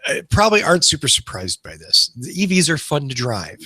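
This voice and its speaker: A man's voice: fairly high pitch, huge pitch swings, fairly quick, sharp tone, slightly rough, dry recording. A man co-hosting a car podcast in casual banter, joking and facetious. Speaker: podcast co-host.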